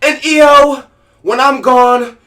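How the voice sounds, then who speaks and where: A man's voice: very high voice, steady tone, slow, sharp tone, pitched above the performer's own voice, full character voice. A man voicing a doting female wrestler in a mocking impression, drawn out and mock-tender.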